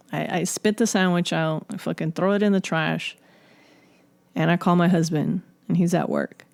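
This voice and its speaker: A woman with a lowish voice tells a personal story in loose, casual podcast talk. She swears often and piles on filler words as she rambles along. Her voice is close and dry, with no room sound. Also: gravelly, darkish tone, no room sound. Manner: profane, rambling, full of fillers. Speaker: podcast guest.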